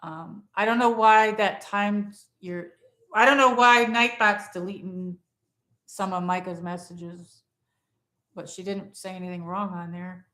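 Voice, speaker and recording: A woman with a medium-pitched, fairly bright voice speaks at a measured pace in a reverberant room. She's hosting a casual livestream from her phone at home in front of a Christmas tree, rambling and reading viewer comments aloud.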